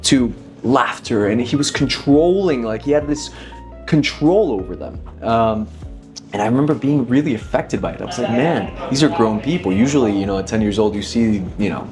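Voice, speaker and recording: A man's voice: medium pitch, animated, moderate pace, darkish tone, faint music behind. A man in his thirties, a magician, talking reflectively as an interview guest, with frequent restarts. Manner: thoughtful, many restarts, leans on 'inevitably'. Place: dinner table.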